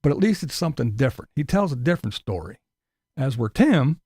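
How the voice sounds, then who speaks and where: Gravelly, profane man mocking on a live stream. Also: mid-range voice, sing-song, brisk, mellow, dry recording, studio quality. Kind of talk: casual live stream commentary.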